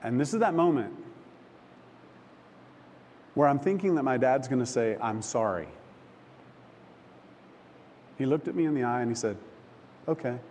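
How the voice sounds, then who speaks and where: A man preaching a sermon, telling a personal story with emotion, halting and restarting often. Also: mid-range voice, darkish tone. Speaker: pastor. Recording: long hall reverb, faint background noise.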